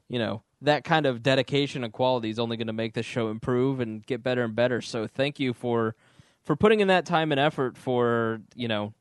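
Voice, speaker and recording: A man co-hosting a casual podcast, teasing his co-hosts and retelling clips with animated jokes. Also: medium pitch, no room sound, studio quality. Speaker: podcast co-host.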